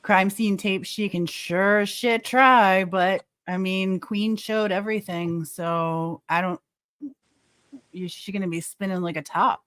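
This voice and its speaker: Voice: mid-range voice, fairly even intonation, measured pace, fairly bright tone, smooth, no echo. Supportive panel guest, sympathetic, dry sound. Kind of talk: live-stream panel talk.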